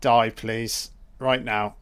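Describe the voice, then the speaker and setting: A man's voice: mid-range voice, drawn-out words, clear, resonant tone. A man giving a mocking, profane running commentary on a film he is watching for the first time. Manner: mocking, profane, deadpan asides. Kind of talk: sarcastic solo film commentary.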